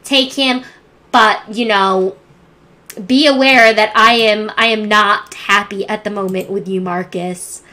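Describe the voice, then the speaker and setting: A woman's voice: medium pitch, fairly even intonation, unhurried, sharp tone. A woman voicing a hurt, defensive young mother, close to her own everyday voice. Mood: bitter. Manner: bitter, defensive.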